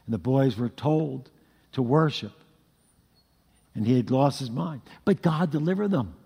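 Husky-voiced preacher in a reverberant hall. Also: male voice, mid-range voice, measured pace. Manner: animated storytelling with sound effects. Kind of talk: sermon.

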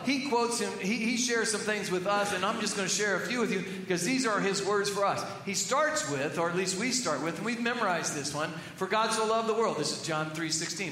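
A middle-aged man, a pastor preaching a sermon in a church, telling earnest stories and dropping to hushed tones for emphasis. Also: high voice, slight background noise. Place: church sanctuary. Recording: echoey hall reverb with faint ambience.

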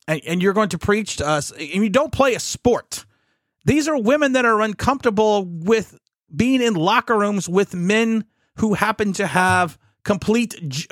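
High-pitched guy hosting a commentary show, worked up, keeps restarting, dry close mic. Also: a bit bright, dry recording. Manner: indignant, stammering restarts. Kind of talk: political commentary.

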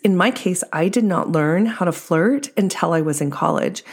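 A woman dating coach speaking a podcast monologue in a steady, explanatory and measured way. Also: on the low side, husky.

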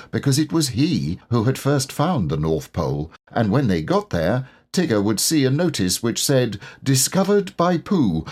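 A man with a low, husky voice narrating a classic children's storybook. His reading is expressive, with a lively, rising and falling pitch. The delivery is unhurried and storyteller-like. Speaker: audiobook narrator.

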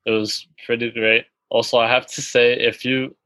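A man in a group talk who thanks the teacher and then asks a question. He speaks in a halting, self-conscious way and restarts often. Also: mid-range voice, little pitch movement, bright, forceful tone, dry recording, poor audio. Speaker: participant asking a question.

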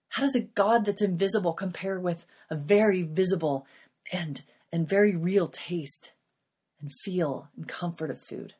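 Breathy woman sharing a faith testimony. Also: fairly low pitch, darkish tone. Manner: earnest, confessional, emotional. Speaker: podcast host.

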